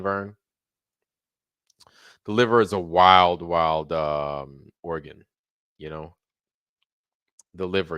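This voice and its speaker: A man's voice: sits low, a bit bright, smooth, no echo, clean studio sound. A tired man hosting a casual late-night livestream, rambling and joking, with swearing and slang. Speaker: livestream host.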